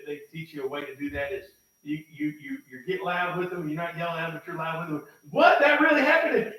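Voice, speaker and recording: A man preaching a sermon in a church, folksy and emphatic, swinging from loud bursts to low, quiet lines. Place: church sanctuary. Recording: echoey church from far off, faint noise.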